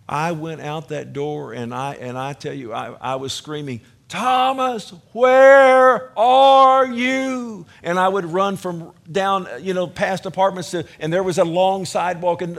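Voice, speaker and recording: A man with a Texan accent preaching a sermon with passion, moving from loud urging to quiet storytelling. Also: mid-range voice, creaky. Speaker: pastor.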